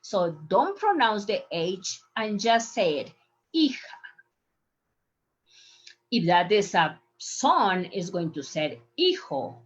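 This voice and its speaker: A woman's voice: medium pitch, big pitch swings, slow pace, few pauses, husky, lo-fi sound. A woman teaching a Spanish lesson over slides, speaking patiently and repeating words so learners can drill them. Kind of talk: online language lesson with slides.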